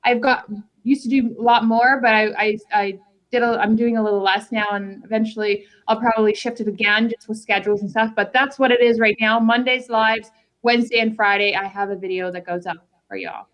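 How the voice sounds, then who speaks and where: A woman's voice: on the high side, a little fast, dull audio. A woman guest on a livestream, talking casually and at ease about her posting schedule. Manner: relaxed, chatty, many fillers. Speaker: guest YouTube creator.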